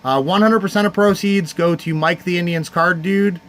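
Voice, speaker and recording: Man, livestream host, from Cleveland, slightly higher voice, heartfelt, rambling, faint room noise. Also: fairly even intonation, moderate pace, fairly bright tone. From Cleveland area, United States. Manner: heartfelt and rambling, thanking viewers by name. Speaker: livestream host running a charity card auction. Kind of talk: casual livestream chat.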